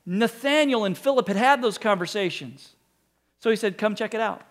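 A man's voice: high voice, expressive, normal speed. A man preaching a sermon, telling a story and acting out the quotes in it, with jokes and asides. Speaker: pastor.

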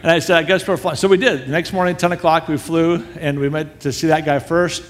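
A man telling a story with animation, quickly acting out the back-and-forth dialogue. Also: fairly high pitch, fairly even intonation. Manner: acts out dialogue in quick quoted exchanges. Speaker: storyteller speaking to an audience. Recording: long reverb of a large hall.

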